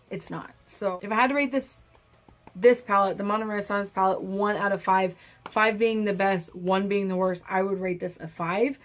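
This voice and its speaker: A woman chatting casually as a beauty vlogger reviewing a product, often restarting words and trailing off into quieter asides. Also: lowish voice. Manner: chatty, self-correcting, trails off softly.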